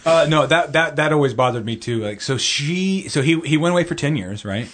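A man's voice: on the high side, animated, fairly quick, fairly bright tone. A man co-hosting a casual movie podcast, profane and joking as he riffs. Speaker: podcast co-host. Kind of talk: casual movie-review chat.

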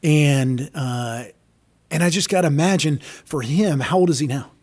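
A man's voice: a little high, normal speed, darkish tone, slightly rough. A man hosting a faith conversation, reflective and affirming.

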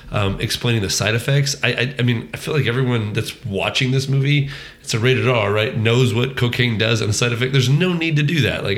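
A man's voice: medium pitch, fairly bright tone, reverberant. A man co-hosting a casual movie review podcast, rambling with frequent ums, restarts and swearing. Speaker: podcast co-host.

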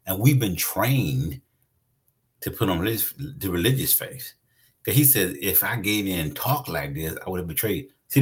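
A man preaching a conversational sermon, emphatic and repeating his phrases for weight. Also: low voice.

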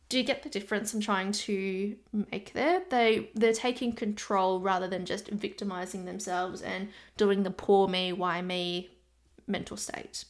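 A chatty woman hosting her own podcast as a nutrition coach, talking straight to her listeners in a relaxed, conversational way. She's from Australia and keeps breaking into quick asides that mimic her clients. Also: medium pitch. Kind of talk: casual solo podcast talk.

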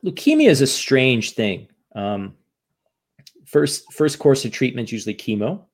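Gravelly man speaking frankly in an interview. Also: medium pitch, big pitch swings, measured pace. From United States. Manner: frank and emotional, swears, restarts often. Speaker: podcast guest and author. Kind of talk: candid interview conversation.

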